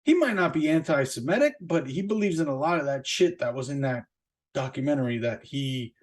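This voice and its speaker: Speaking fairly quickly, a male podcast host goes on a loose solo rant. He swears constantly, stumbles through fillers and false starts, and his voice leaps upward in pitch each time he drives a point home.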